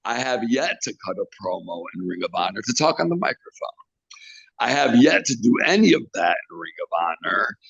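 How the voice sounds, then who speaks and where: In a dull, lo-fi interview recording with no room sound, a man who manages and trains wrestlers spins animated stories. His voice is lowish, gravelly and husky, and he speaks briskly, voicing quotes as other people.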